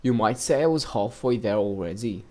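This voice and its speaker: A man voicing a gossipy middle-aged male neighbor in a game, attempting a rough Scottish-style accent. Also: on the low side, lively intonation, normal speed, warm tone, close to an everyday voice. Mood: chatty.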